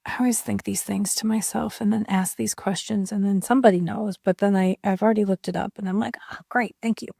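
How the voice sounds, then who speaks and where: A woman's voice: mid-range voice, fairly even intonation, fairly quick, vocal fry, few pauses, warm tone, no room sound, studio quality. A woman chatting casually and rambling a little while she swatches inks, with self-deprecating asides. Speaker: ink and art video creator.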